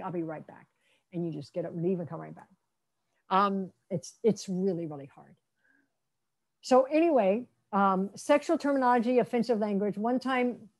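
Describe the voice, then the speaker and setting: A middle-aged woman lectures on interpreting with a mellow, warm tone. She slips into lively role-play, voicing doctors and patients as she explains. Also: medium pitch. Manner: lively, acts out quoted speakers in role-play. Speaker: interpreter trainer. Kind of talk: lecture presentation.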